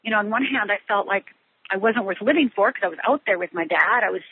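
Husky-voiced middle-aged woman on a tinny phone line. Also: medium pitch, no echo. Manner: halting, many restarts and fillers. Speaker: guest. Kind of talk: telling a personal story in an interview.

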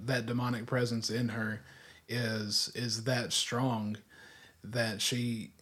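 A man co-hosting a casual discussion podcast, speaking haltingly with frequent restarts. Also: medium pitch, little pitch movement, bright, forceful tone. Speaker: podcast co-host.

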